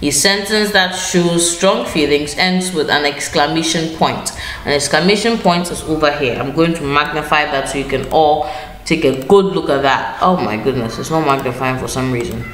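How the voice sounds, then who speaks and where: A woman with a low-pitched voice, speaking at a normal pace, teaches an online grammar lesson over screen share. She is patient, repeats key phrases, and corrects herself along the way. The room is echoey, with faint background noise.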